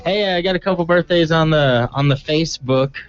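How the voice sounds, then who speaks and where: A man hosting a morning radio show, bantering casually and reading shout-outs between jokes. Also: fairly high pitch, fairly quick, faint music behind. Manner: jokey, laughs often, reads announcements. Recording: dull lo-fi radio recording.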